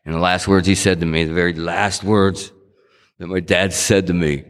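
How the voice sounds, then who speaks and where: A man's voice: low-pitched, fairly even intonation, moderate pace, clean tone. A middle-aged man giving a personal testimony talk in a conversational storytelling way, acting out quotes and often restarting his sentences. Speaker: speaker sharing his recovery story. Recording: long hall reverb.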